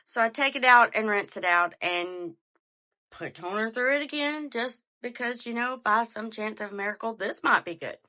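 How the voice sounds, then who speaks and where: A woman, hosting a podcast and telling a story in a casual, animated way. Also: a little high, normal speed. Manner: animated, chatty, addresses listeners as y'all. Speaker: podcast host.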